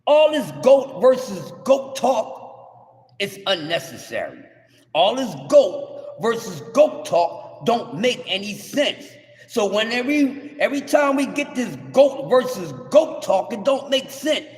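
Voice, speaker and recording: A man, hosting a livestream and ranting in brash, cursing trash talk that rises to shouts. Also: sits high, very animated, takes it slowly. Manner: loud, rising to shouts. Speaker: livestream host. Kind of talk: heated livestream rant. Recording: echoey room with long reverb.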